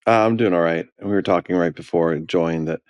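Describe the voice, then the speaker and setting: A man with a very deep voice co-hosts a business podcast. He talks earnestly about his company, with pauses and restarts. The sound is dry and close. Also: clean tone, dry recording. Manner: earnest, many fillers and restarts. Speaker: podcast co-host, company leader. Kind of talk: casual podcast chat.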